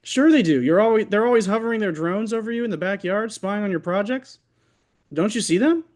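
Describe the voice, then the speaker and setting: A high, bright voice for a pushy, chummy male surgeon, as a man puts him on. He drawls and giggles with easy cheer, loud and lively. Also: a little fast.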